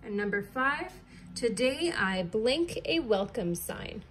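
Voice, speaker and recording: Slow, patient woman teacher spelling. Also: fairly high pitch, expressive, a bit bright, slight background noise. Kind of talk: recorded distance-learning lesson.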